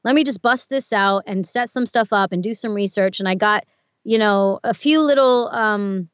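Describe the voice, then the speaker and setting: A woman, an audiobook narrator, chatting as a guest in an interview, animated and quick to laugh. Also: mid-range voice, no room sound, lo-fi sound. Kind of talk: casual interview chat.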